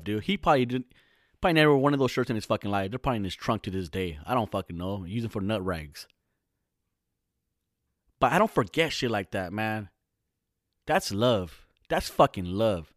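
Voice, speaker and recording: A man ranting casually to camera, swearing heavily in fast slangy talk that swings into loud outbursts. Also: on the low side, animated, dry recording, clean studio sound. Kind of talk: casual profane rant to camera.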